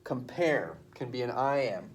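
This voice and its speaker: A man's voice: medium pitch, lively intonation, a little slow, slight background noise. A male teacher explaining a poetry assignment to his class at the board in a casual, chatty way.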